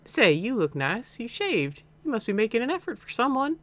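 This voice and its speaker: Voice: mid-range voice, sing-song, moderate pace, pitched above the performer's own voice, natural voice. A streamer voicing a doting, stern middle-aged mother with a slight Southern accent, reading game dialogue aloud. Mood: sweet teasing.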